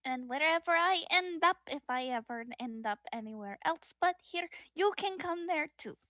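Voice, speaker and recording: A woman's voice: high voice, animated, normal speed, pushed and bright, no room sound, voice pushed up. A woman playing a nervous young goblin bard. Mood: hopeful. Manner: hesitant, self-doubting, giggly.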